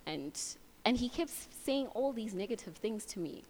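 A woman's voice: a little high, expressive, moderate pace, darkish tone. A young woman from Africa giving a casual, heartfelt Bible reflection and personal testimony, with many fillers like "like" and "so". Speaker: speaker sharing a testimony. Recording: long hall reverb.

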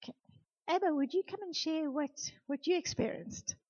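A woman leading a youth group, giving an animated sermon and speaking straight to the young people in a church room. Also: high-pitched, moderate pace. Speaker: youth leader. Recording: dull lo-fi recording.

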